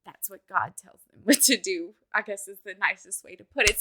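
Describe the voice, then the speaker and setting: A woman in her thirties from Louisiana, telling a personal story in a halting, emotional way and retelling conversations with "I was like.". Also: medium pitch, pushed and bright, low-quality recording. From Louisiana, USA. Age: 30s. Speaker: interviewee sharing a personal story. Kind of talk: casual spoken recollection.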